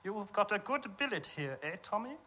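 An actor playing a bullying German centurion captain with a put-on German accent, barking orders in a stage comedy sketch. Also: male voice, high voice, very animated, normal speed, pushed and bright, exaggerated voice. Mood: stern. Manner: barking, menacing.

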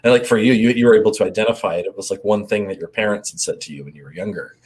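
A man in casual conversation, speaking thoughtfully and hesitantly, often pausing to search for words. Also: lowish voice, darkish tone, breathy edge. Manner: hesitant, many fillers and restarts, thoughtful. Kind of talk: casual chat.

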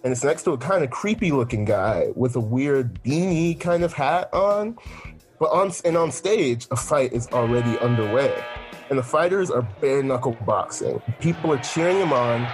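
A man's voice: mid-range voice, animated, moderate pace, music in the background. A young man casually telling a comic story, rambling with lots of fillers and laughter. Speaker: storyteller pitching a film idea.

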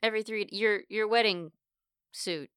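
A woman playing the host's dry, teasing wife, needling him in a deadpan way. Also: medium pitch, moderate pace, clean tone, dry recording, lightly acted. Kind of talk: improvised comedy podcast.

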